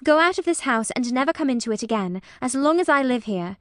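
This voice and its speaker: A woman's voice: sits high, animated, quick pace, a bit bright, no echo, studio quality, voice pushed up. A woman reading an audiobook, voicing a proud, stubborn young Englishwoman who speaks in a clipped, indignant way.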